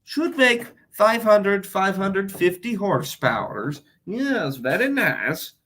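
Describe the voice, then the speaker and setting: Brief: a man impersonating a cocky foreign reporter, broken English, raised pitch, lively delivery. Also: slow, heavily acted. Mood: goofy. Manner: broken English, repeats "very nice".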